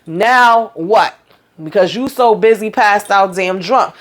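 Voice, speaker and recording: A woman's voice: mid-range voice, normal speed. A woman giving a casual TV show recap, talking bluntly and chattily with plenty of profanity. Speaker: TV recap vlogger.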